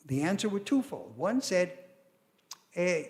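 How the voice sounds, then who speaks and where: A man's voice: high-pitched, big pitch swings, a little slow. An older man giving an academic lecture, telling stories animatedly with quoted voices and asides.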